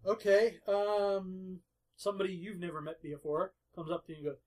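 A man running a tabletop game as game master, talking in a relaxed way with frequent chuckles and fillers. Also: high voice, moderate pace. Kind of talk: casual tabletop game narration.

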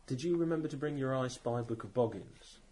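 A man's voice: mid-range voice, fairly quick, mellow, a little hiss or hum. A man playing a tabletop game, making wry joking asides. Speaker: player. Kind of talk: casual game-table chat.

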